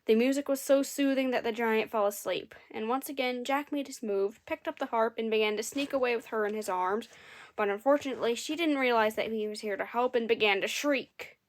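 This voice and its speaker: A woman's voice: fairly high pitch, brisk. Wry woman reading a storybook aloud. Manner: dry, amused commentary between readings.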